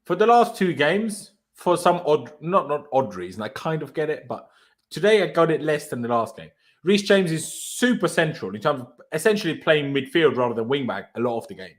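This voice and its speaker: A man's voice: a little high, very animated, moderate pace. A young man hosting a football fan stream, ranting in exasperation and firing off rhetorical questions in casual chat. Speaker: host of a football reaction stream. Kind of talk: heated post-match fan reaction chat.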